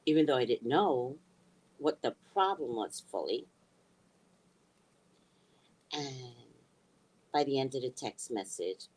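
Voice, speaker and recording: A middle-aged woman telling a personal story in a blunt, heated way, swearing freely and swinging from hushed asides to near shouting. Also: extremely low pitch, animated, unhurried, long pauses, slightly rough, rough recording. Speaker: spiritual reader and vlogger. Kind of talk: casual storytelling rant.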